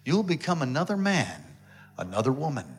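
A man, a pastor, telling a dramatic story in a sermon, swinging between loud excitement and hushed tones. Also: fairly high pitch, brisk.

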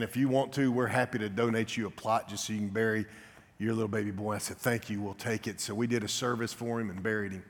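A middle-aged man preaching a sermon, telling a personal story with big swings from loud to hushed. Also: medium pitch. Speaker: guest preacher. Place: church sanctuary. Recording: reverberant church hall.

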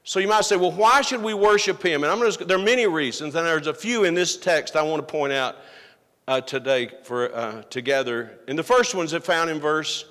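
A man's voice: on the high side, moderate pace, a bit bright. A man preaching a sermon as a pastor, earnest and emphatic, often asking the congregation rhetorical questions. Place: church sanctuary. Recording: long hall reverb.

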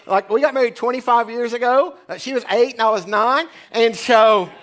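High-voiced man preaching a sermon. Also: moderate pace, a bit bright. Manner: chatty, joking asides. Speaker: pastor. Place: church sanctuary.

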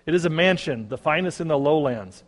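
A man puts on a defensive, stubborn brother who barks high and loud to drive a stranger off. A long reverb trails his voice. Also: expressive, fairly quick, natural voice. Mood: hostile. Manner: shouting, defensive. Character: stubborn brother guarding his hut, hostile.

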